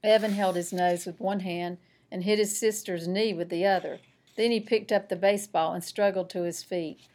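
A woman, a school principal, reading a children's novel aloud with expressive, lively storytelling. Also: mid-range voice, normal speed.

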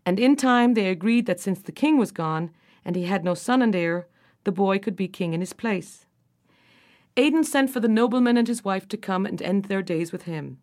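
A woman narrates a folktale in a storybook reading. Her voice sits at a middle pitch and turns expressive as she brings the characters to life. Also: normal speed.

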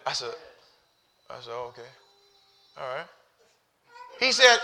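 Gravelly, bright-voiced preaching man. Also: medium pitch, sing-song. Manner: builds from hushed, halting storytelling to shouted preaching. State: near tears. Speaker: pastor. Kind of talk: sermon.

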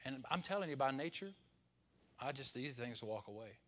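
A pastor preaching a Sunday sermon, rising to loud peaks and dropping to hushed, whispered lines. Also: male voice, mid-range voice, expressive, normal speed.

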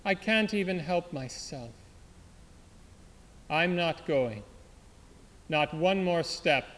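A man's voice: on the high side, animated, takes it slowly, fairly bright tone. A man voicing a desperate wounded young woman in wartime, speaking in a pleading, broken way. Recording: long hall reverb.

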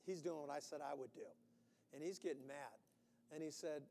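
A man preaching a sermon, animated, acting out quotes with sudden loud bursts. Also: fairly high pitch, normal speed, in a large hall. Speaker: pastor.

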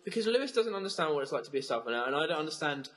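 A man in his twenties with a Southern English accent, co-hosting a student radio show with quick, teasing comic banter. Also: a little high, very animated, a bit bright. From South of England.

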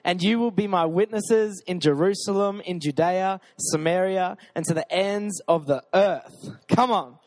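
A man's voice: high-pitched, measured pace, few pauses, darkish tone. A young man preaching a casual, joking sermon at a church gathering and urging the crowd on. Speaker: pastor.

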